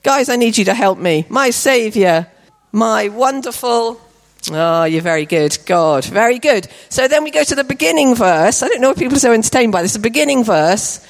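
Bright-voiced woman worship leader, warmly cheering on the children, higher than usual. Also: lively intonation, fast, few pauses. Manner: encouraging, upbeat praise. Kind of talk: leading a church children's song session.

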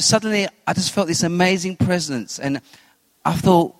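A man giving a personal faith testimony as an interview guest, telling his story with animated retellings of what he said and thought. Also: high-pitched, moderate pace, no room sound, long reverb tail. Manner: animated storyteller who acts out his own quotes.

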